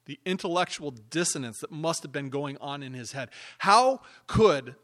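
A man preaching a sermon as pastor, dropping to hushed asides and then rising to emphatic, louder points. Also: mid-range voice, a little fast. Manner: emphatic preaching, swinging between hushed and loud.

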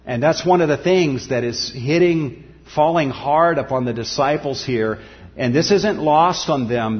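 A man preaching a sermon, earnest, rising to emphatic peaks and then dropping soft and low. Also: measured pace, big-room sound, highs cut off. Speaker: pastor.

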